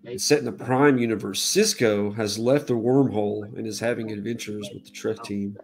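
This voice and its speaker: A man's voice: fairly low pitch, steady tone, normal speed, faint music behind. A man hosting a casual comics livestream who chats in an easygoing way and greets his viewers. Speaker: livestream host. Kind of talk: casual chat.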